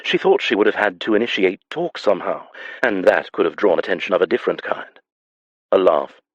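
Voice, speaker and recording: A man reading a historical romance audiobook in a measured, even manner. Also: deep voice, no room sound, lo-fi sound. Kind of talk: scripted audiobook narration.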